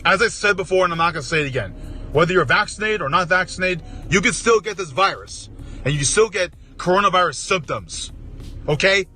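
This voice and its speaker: A man giving a heated, profane rant, repeating himself and rising in pitch as he gets worked up. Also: lively intonation, brisk, sharp tone. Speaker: collab rant contributor. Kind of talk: angry rant.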